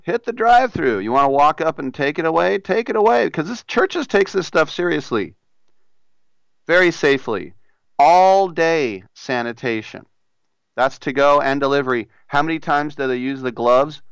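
A man putting on a Southern accent to play a hammy, excitable pitchman in a live-read radio ad, with drawling sales patter. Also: clean tone, no echo. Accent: put-on American Southern. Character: folksy loud Southern male chicken pitchman.

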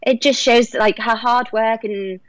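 A woman's voice: fairly high pitch, steady tone, unhurried, no room sound, rough recording. Chatty young woman with a Liverpool accent. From England. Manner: chatty, enthusiastic, laughs often. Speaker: actress and singer, guest. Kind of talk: casual interview chat.

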